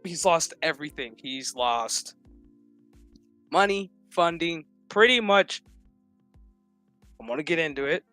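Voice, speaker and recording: Guy rambling thru an episode recap, cussing a lot, slightly high bright voice. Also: expressive, a little slow, long pauses, dry recording, soft background music. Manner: profane, rambling retelling that acts out quotes. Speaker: show recap vlogger.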